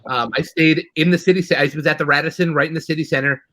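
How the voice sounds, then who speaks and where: A man's voice: on the high side, steady tone, quick pace, pushed and bright, no room sound, low-quality recording. Chatty New York man, dry close sound. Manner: rambling, chatty storyteller with many restarts. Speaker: host. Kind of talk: casual chat.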